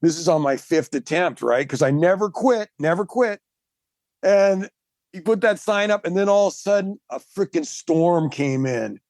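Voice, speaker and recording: A man, a marathon swimmer and guest, telling his story in casual chat, animated and emphatic, laughing often. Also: high voice, moderate pace, dry recording.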